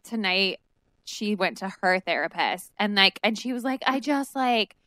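A woman's voice: medium pitch, expressive, moderate pace, sharp tone, no echo. A woman co-hosting a podcast in casual chat, frank and blunt, swearing casually. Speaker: podcast co-host.

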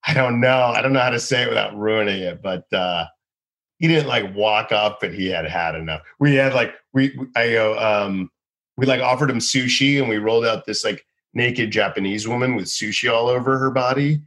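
A man in his thirties, a comedian guest, telling stories casually and acting out people in high excited bursts. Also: normal speed. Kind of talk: casual storytelling.

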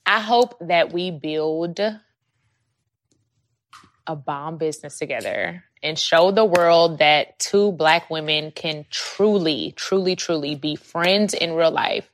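A woman's voice: sits low, takes it slowly. A woman co-hosting a podcast in casual chat, candid and playful. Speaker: podcast co-host.

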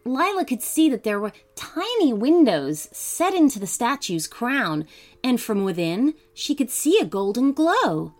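A woman narrating a children's bedtime story gently, putting on voices for the characters. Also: on the high side, very animated, unhurried. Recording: faint music behind.

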